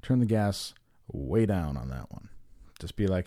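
Male podcast host, mellow warm tone, casual profane banter, rambling. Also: low voice, animated, measured pace, dry recording.

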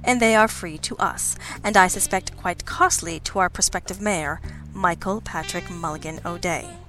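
A woman's voice: fairly low pitch, moderate pace, a bit bright, faint music behind, lightly acted. A woman doing a dry, sardonic male detective. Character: wry cynical male detective partner.

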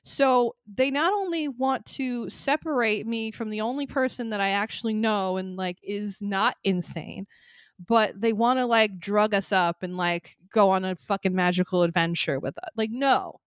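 A woman's voice: mid-range voice, moderate pace, clean tone, dry recording, studio quality. A woman co-hosting a casual podcast, recapping a horror movie in a loose, profane, laughing storytelling manner. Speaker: podcast co-host.

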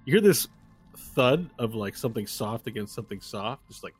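A man's voice: medium pitch, animated, a little fast, soft background music. A man narrating as game master of a tabletop game, describing scenes in a loose, rambling way with restarts.

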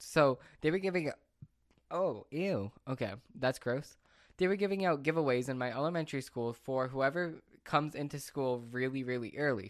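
A man's voice: mid-range voice, dry recording, studio quality. A man hosting his own podcast, telling stories in a loose, rambling and chatty way. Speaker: podcast host. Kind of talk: casual solo storytelling.

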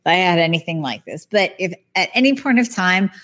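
Animated woman explaining lab results. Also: on the low side, brisk. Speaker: podcast host, health practitioner. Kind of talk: casual explanatory podcast talk.

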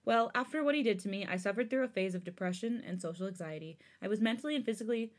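A woman's voice: mid-range voice, fast talker, natural voice. Woman reading as a remorseful young man. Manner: apologetic, pleading. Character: remorseful young man explaining his past hurt.

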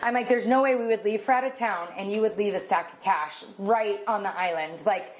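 A woman in her thirties tells a story on a podcast, animated and close to tears. She acts out other people's lines by lifting her voice, and her pitch sits in the middle range. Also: fairly quick. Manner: animated, acts out dialogue in a raised voice. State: emotional, near tears. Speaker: podcast co-host. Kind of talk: casual storytelling chat.

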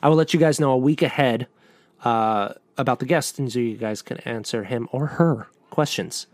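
A man's voice: mid-range voice, normal speed. A man with a mid-range voice co-hosts a laid-back podcast, joking around and often stalling with uh and um. His voice is recorded close and dry, with no echo. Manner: joking, hesitant with fillers. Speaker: podcast co-host, entertainment news editor. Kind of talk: casual podcast chat.

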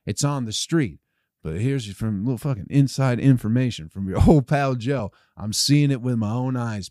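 A man's voice: mid-range voice, darkish tone, no room sound, clean studio sound. A man hosting a comedy podcast alone, rambling sarcastically with lots of swearing and mock-salesman patter.

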